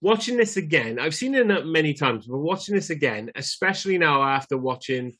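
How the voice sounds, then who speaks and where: A man's voice: fairly high pitch, big pitch swings, a little fast, a bit bright. A man co-hosting a podcast, rambling casually about films and what irks him. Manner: rambling, easily irked. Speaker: podcast co-host. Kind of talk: casual film chat.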